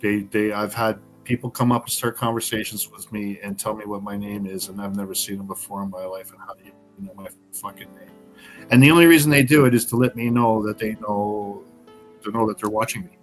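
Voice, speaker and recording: A man from Canada, a podcast guest, talking bluntly in casual conversation with heavy swearing and sudden animated bursts. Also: lowish voice, brisk, soft background music.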